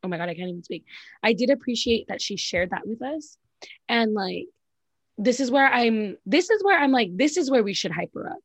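A young woman in casual chat, giving blunt, animated, profane commentary. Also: fairly high pitch, brisk, breathy edge, no room sound. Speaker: podcast co-host.

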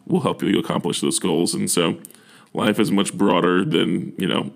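Young male admissions officer, casual advice talk; low and gravelly, earnest and encouraging, plenty of ums and restarts. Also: fairly even intonation, normal speed.

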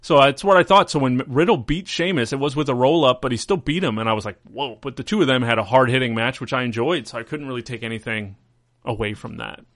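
A man's voice: mid-range voice, fast talker, fairly bright tone, no room sound, clean studio sound. A man hosting a casual wrestling podcast, rambling through a recap and acting out quotes in mocking voices. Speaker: podcast host.

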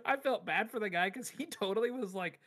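A man with a fairly high voice co-hosts a casual coffee podcast. He tells stories in an animated, chatty way and laughs often. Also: a little fast, breathy edge. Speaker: podcast co-host, cafe worker. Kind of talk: casual chat.

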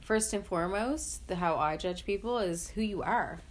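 A woman's voice: medium pitch, moderate pace. A woman in casual conversation, speaking earnestly and leaning on "like" as a filler. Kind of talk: casual chat.

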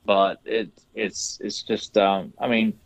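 A man co-hosting a podcast over a video call, rambling with halting restarts and casual swearing. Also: lowish voice, level tone, gravelly, dry recording. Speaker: podcast co-host. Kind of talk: casual chat.

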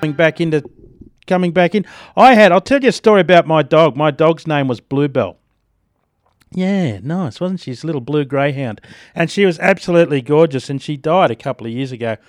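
An Australian man hosting breakfast radio, telling stories in a jokey, animated way with frequent laughs. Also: a little high, a little fast, dry recording, clean studio sound. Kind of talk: casual radio chat and storytelling.

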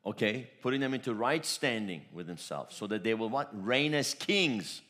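A man preaching a sermon as pastor, storytelling with repeated phrases and swinging between loud declarations and soft asides. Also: medium pitch, expressive, normal speed.

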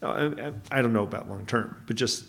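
A man's voice: medium pitch, brisk, a little hiss or hum. A man co-hosting a podcast, talking casually and rambling through stories, often correcting himself. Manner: rambling, self-correcting storyteller. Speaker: podcast co-host. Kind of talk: casual chat.

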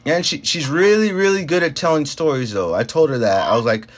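A man's voice: a little high, expressive, a little fast. A young man chatting casually, rambling with lots of fillers, restarts and swearing as he tells a story. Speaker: podcast talker telling a work story. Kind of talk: casual chat.

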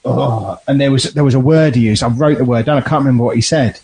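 A man's voice: medium pitch, quick pace, gravelly, mellow, breathy edge. A man hosting a casual podcast chat, teasing his co-hosts in a dry way. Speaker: podcast host.

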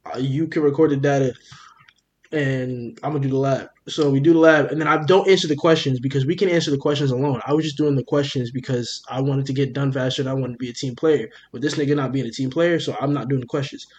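A young man, a podcast co-host, telling a story in casual chat, animated and profane, acting out what everyone said. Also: medium pitch, dull audio. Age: young adult. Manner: animated, profane, rapid retelling with quoted dialogue.

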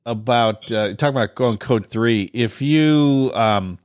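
A man's voice: mid-range voice, a little slow, darkish tone, clear, resonant tone. A man hosting a podcast, reacting and chatting casually with his guest. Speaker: podcast host. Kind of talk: casual chat.

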